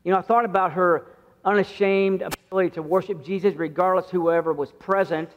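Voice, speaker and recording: A man's voice: sits high, fairly even intonation, a little fast. A middle-aged man preaching a sermon as pastor in a conversational way, acting out the voices he quotes. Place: church sanctuary. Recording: muffled church sound with long reverb.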